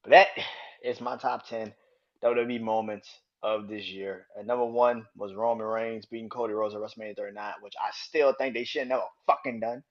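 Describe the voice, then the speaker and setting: A man hosting his own podcast, ranting angrily and swearing, jumping from loud outbursts to low mutters. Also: steady tone, brisk. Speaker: podcast host. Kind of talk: casual solo podcast rant. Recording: dull lo-fi sound.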